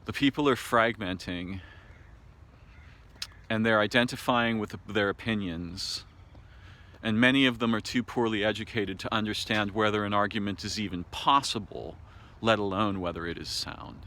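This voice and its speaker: Bright-voiced American man musing to camera. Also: lowish voice. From United States. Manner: thoughtful, halting, with many fillers and restarts. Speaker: video essayist. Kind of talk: unscripted spoken monologue to camera. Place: home in a city. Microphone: camera mic.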